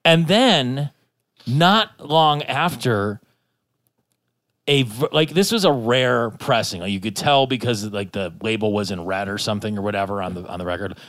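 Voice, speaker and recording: A man's voice: medium pitch, animated, normal speed, a bit bright, dry recording, studio quality. A man casually telling rambling, profane anecdotes as a podcast co-host, full of restarts. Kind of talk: casual storytelling chat.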